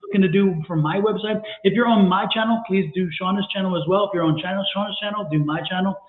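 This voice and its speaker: A man's voice: high-pitched, quick pace. A man giving live tarot readings on a stream, talking energetically and coaxing viewers with lots of repetition. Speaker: tarot reader and co-host. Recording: echoey room over a tinny phone-like line.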